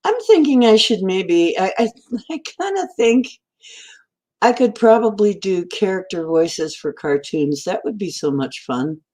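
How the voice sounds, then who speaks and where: A woman's voice: mid-range voice, animated, measured pace, darkish tone. A woman hosting a casual live stream from home, greeting viewers by name and rambling in a giggly, stream-of-consciousness way. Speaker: livestream host.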